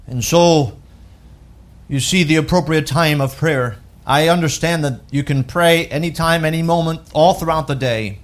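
Male pastor, high-pitched, emphatic sermon delivery with loud peaks and soft falls. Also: normal speed. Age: adult with wife and children. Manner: emphatic preaching with wide swings from loud to hushed.

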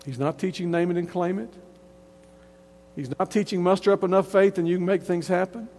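A man with a high voice preaches an emphatic sermon. His words ring out with a long hall reverb, and he often restarts phrases as he drives each point home. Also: steady tone, a little fast, darkish tone, slight background noise. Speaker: pastor.

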